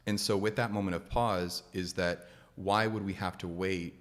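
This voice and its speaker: A man's voice: sits low, steady tone, moderate pace, long reverb tail. A man in a casual interview, speaking reflectively and asking probing questions.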